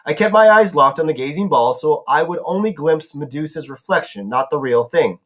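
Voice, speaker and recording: A man's voice: on the high side, animated, a little fast. A man reading a novel aloud as a narrator, now and then correcting himself. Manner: narrating with some self-corrections. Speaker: audiobook reader.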